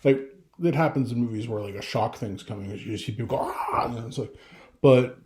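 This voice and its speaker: A man's voice: medium pitch, a little fast, mellow, reverberant. A middle-aged father talking casually to camera, rambling with restarts and getting emotional. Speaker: vlogger.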